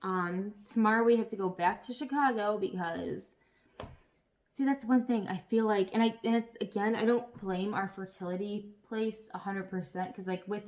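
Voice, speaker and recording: A woman's voice: mid-range voice, normal speed. Chatty woman vlogging to camera. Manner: chatty, animated storyteller who swears. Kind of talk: casual chat to camera.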